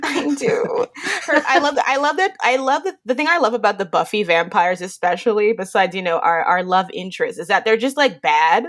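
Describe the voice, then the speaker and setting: A woman's voice: mid-range voice, expressive, a little fast, hardly any pauses, a bit bright. A woman on a fan podcast, gushing playfully and emphatically about favorite characters. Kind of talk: casual fan podcast chat.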